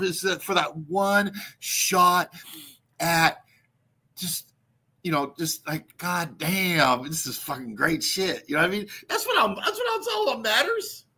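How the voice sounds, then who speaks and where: Man, livestream host, rambling profane ranter, high voice. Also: pushed and bright, husky. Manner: profane, rambling, laughs at own jokes. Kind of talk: casual ranting livestream monologue.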